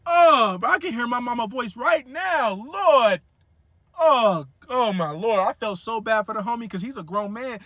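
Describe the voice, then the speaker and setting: Animated young man telling a story. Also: very high voice, unhurried, no room sound, studio quality. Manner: animated, slangy, frequent fillers. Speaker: vlogger. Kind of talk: casual storytelling.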